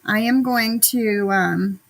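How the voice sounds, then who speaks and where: A woman's voice: medium pitch, slow pace, gravelly. A woman hosting a livestream, chatting casually and repeating herself as she talks straight to her viewers, still getting over being sick. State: recovering from sickness. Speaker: livestream host. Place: home.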